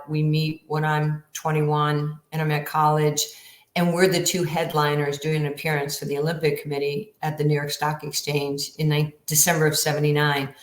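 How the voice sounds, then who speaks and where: A woman in her sixties telling stories as a guest on a podcast, animated and acting out the lines of other people. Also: sits low. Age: 60s. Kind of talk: storytelling in a podcast interview. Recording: roomy echo.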